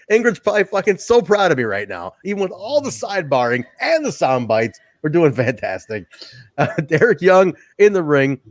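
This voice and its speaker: A man hosting a podcast, recapping a wrestling show in casual, excited, profane chat. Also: on the high side, no room sound, studio quality. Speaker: podcast host.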